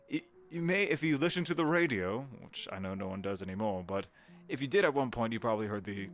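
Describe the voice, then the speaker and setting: A man's voice: medium pitch, a bit bright. A man in his thirties, a voice actor chatting casually and rambling on a live stream, greeting viewers.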